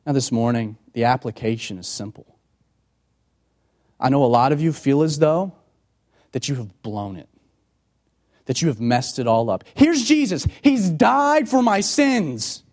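A man preaching a sermon as a pastor, moving from loud emphatic passages to quiet, hushed ones and acting out voices in quoted dialogue. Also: normal speed, pauses often. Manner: dramatic, sweeping from loud emphatic highs to hushed tones.

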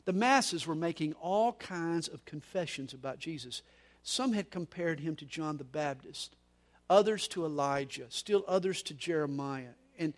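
Guy preaching a sermon, pretty high voice, gets quiet then loud, repeats words now and then. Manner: preaching with wide swings in loudness, from soft to emphatic. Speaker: pastor.

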